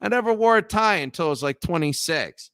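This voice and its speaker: A man from Appalachia hosting a show, telling rambling, profane stories and loudly acting out the people he quotes. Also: high-pitched, expressive, a little fast, smooth, no echo, clean studio sound. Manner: digressive, profane, acts out quoted voices loudly. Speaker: show host. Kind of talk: rambling storytelling.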